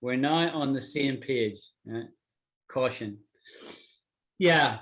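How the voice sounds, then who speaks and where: This is a man from Britain whose mid-range voice has a slight brightness. Giving an online English class, he models pronunciation by slowly and patiently repeating each word.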